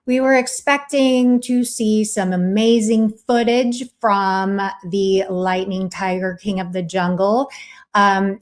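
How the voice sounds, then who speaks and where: A woman mocks someone on her livestream in a scornful, sarcastic rant. She drags her words out slowly, in a middle-pitched voice. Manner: scornful, sarcastic, drawn-out delivery. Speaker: streamer.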